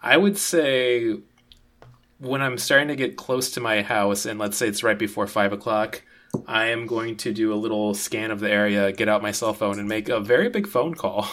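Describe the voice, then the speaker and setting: A man's voice: lowish voice, normal speed, a bit bright. A man playing his character in a tabletop game, talking in an eager, rambling way and laughing often. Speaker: player.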